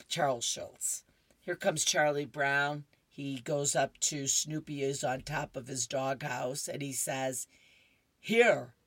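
Woman radio reader, unhurried, chatty asides, dry studio sound. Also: rumbling low, no room sound. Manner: chatty asides, laughs at the jokes. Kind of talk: reading horoscopes and comic strips on radio.

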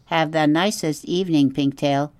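A woman's voice: sits low, fairly even intonation, moderate pace, a little mellow, clean tone, dry recording, natural voice. A woman voicing a stiff, overly formal female robot in a storybook reading, stilted and careful. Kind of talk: audiobook character voice.

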